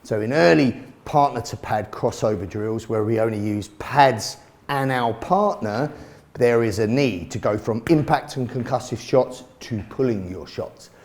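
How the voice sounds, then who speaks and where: A man's voice: medium pitch, a little slow, darkish tone. A man explaining a self-defence drill, blunt and casual, with the odd swear word. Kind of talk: instructional commentary.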